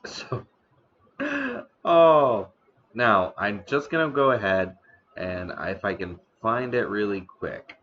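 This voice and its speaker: A man hosting a casual live stream about the history of noodles, talking slowly with many fillers and restarts, eating now and then. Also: lowish voice, big pitch swings, muffled recording, a little hiss or hum. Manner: eating on stream between remarks. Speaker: streamer host.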